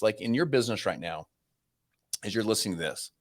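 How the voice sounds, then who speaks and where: A man in his forties, a podcast guest, telling a story in an energetic, conversational way with many restarts. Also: mid-range voice, quick pace.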